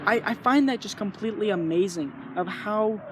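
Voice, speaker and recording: A man's voice: high voice, normal speed, noisy background. A young man talking earnestly in a rambling, casual way, sharing his thoughts and acting out little inner voices. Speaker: vlogger. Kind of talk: casual spoken reflection.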